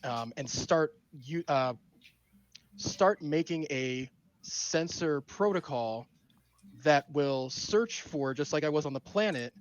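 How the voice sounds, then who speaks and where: A man's voice: a little high, slow, no echo, highs cut off. A man playing a tabletop role-playing game, rambling and searching for words with many fillers. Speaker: player.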